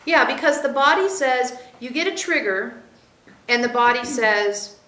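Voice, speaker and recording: A woman channeling a spiritual teaching to a group, explaining in a measured way, speaking as "we" and checking that listeners follow. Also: on the high side, lively intonation, pushed and bright. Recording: roomy echo.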